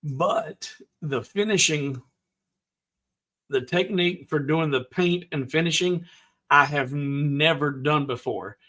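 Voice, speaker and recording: Slow, halting man with a bright voice. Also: a little high. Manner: halting, frequent stutters and restarts; slow, deliberate delivery. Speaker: livestream host. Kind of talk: casual live stream chat.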